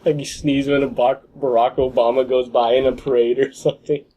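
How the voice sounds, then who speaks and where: A man's voice: medium pitch, little pitch movement, warm tone, rough recording. A young man co-hosting a podcast in casual chat, joking and laughing often. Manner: jokey, laughs often, slow drawl. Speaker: podcast co-host.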